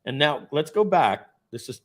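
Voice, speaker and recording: A man's voice: fairly high pitch, moderate pace. A man in his forties telling a casual story from his working life, acting out the voices of the people in it. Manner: animated storytelling, acts out quoted voices. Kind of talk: casual anecdote.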